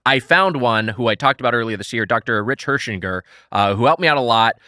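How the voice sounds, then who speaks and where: A man co-hosting a podcast in casual chat, upbeat and animated while telling stories. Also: medium pitch, a little fast, no echo, clean studio sound. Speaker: podcast co-host. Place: podcast studio.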